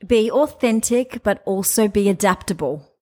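A woman's voice: mid-range voice, animated, normal speed, mellow. A middle-aged woman hosting a podcast, giving frank, chatty sales advice and laughing now and then. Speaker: podcast host and sales trainer. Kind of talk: casual podcast monologue.

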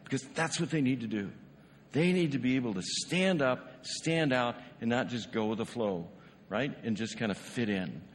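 A man's voice: mid-range voice, expressive, normal speed, in a large hall, slight background noise. A male pastor preaching a sermon in a conversational way, often asking the congregation rhetorical questions. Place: church sanctuary.

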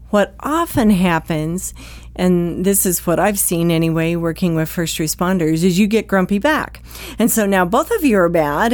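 A woman's voice: mid-range voice, darkish tone, no echo. A woman hosting an advice podcast, speaking conversationally and acting out short quoted exchanges between partners. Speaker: podcast host, psychologist.

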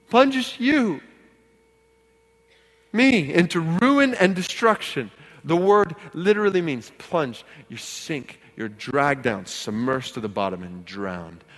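A man preaching as a pastor, swinging from hushed, earnest passages to loud, ringing exhortation and repeating key words for emphasis. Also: on the low side. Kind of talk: sermon. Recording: long hall reverb.

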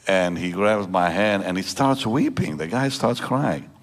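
A pastor in his seventies gives an emotional personal testimony to a church congregation, with halting restarts. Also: deep voice, animated. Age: 70s. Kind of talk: prayer and personal testimony sermon. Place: church service before a congregation.

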